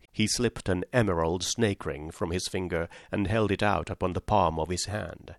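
A man narrating a classic story in a measured, storytelling manner into a close mic. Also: deep voice, no room sound. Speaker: audiobook narrator. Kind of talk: scripted narration.

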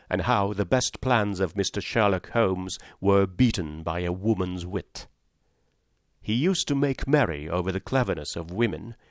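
Brief: measured male audiobook narrator, lowish voice, dry close sound. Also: dry recording. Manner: measured, storytelling. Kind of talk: scripted narration.

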